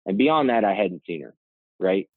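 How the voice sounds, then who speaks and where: A nonprofit's co-founder and CEO, appearing as a guest, tells a story in a low, sing-song voice at a moderate pace. He rambles in a conversational way, frequently dropping "right?" and "you know," over a dry, tinny, phone-like line without echo.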